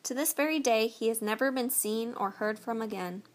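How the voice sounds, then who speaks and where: A woman narrates a folk tale aloud with an expressive, lilting delivery. Her voice sits slightly high. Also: moderate pace. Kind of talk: storybook reading.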